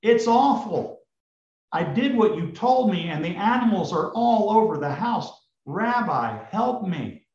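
A man's voice: high-pitched, sing-song, a little slow, a little mellow, voice pushed up. A man voicing a poor, desperate village father of six, pleading and exclaiming. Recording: roomy, slightly dull recording.

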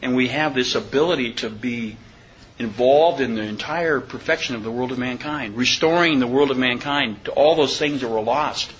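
A man leads an informal Bible study in a bright, clear voice. He reads scripture slowly and deliberately, then breaks off to question his listeners. The recording is dull and lo-fi, with a faint hiss underneath. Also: medium pitch. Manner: conversational, asks the listeners questions. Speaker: preacher.

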